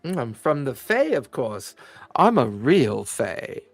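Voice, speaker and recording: A man's voice: medium pitch, sing-song, slow pace, no room sound, full character voice. A man voicing a haughty male fae security chief who talks down to everyone and keeps calling people "dear boy". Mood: condescending. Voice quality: pompous, condescending, says "dear boy".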